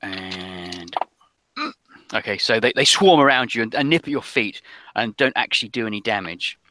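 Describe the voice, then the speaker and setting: A man narrating as game master of a tabletop role-playing game, halting, with many fillers. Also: fairly low pitch, pushed and bright, no room sound.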